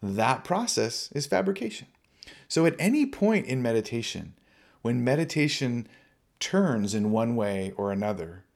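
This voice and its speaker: A man giving a relaxed, conversational dharma talk on meditation, often laughing lightly at himself. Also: medium pitch. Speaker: meditation teacher.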